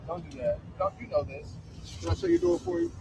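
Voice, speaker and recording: A man, an officer at a protest, speaking in a calm, reasoning, conciliatory way beside a car out on the street. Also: sits high, fairly quick, creaky. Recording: distant voice over street noise.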